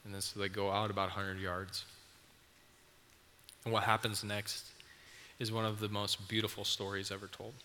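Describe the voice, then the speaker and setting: A man preaches a sermon, retelling a story to his listeners with vivid detail. His voice is low with a bright edge. It rings with a long hall reverb over a faint background hiss. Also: little pitch movement, moderate pace, long pauses. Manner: vivid storytelling, speaking to the audience.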